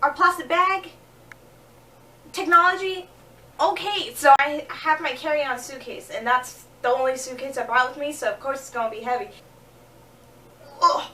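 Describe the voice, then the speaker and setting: A young woman telling comic travel stories in a vlog, acting out scenes, a little jet-lagged and low on energy. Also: normal speed, distant mic. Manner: animated, acting out scenes with quoted voices. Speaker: vlogger. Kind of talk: comedic storytelling vlog.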